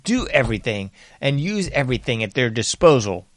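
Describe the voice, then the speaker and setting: A man's voice: medium pitch, very animated, fairly quick, no echo. Sarcastic man delivering a dry monologue. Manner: sarcastic, mocking mimicry of bystanders; varies loudness a lot, sometimes dropping to whispers. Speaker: political commentary host. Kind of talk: monologue commentary.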